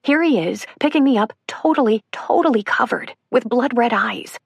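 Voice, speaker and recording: A woman's voice: fairly high pitch, expressive, moderate pace, gravelly, breathy edge, no room sound. A woman narrating a survivor's first-person account for an audiobook, earnest and emotional.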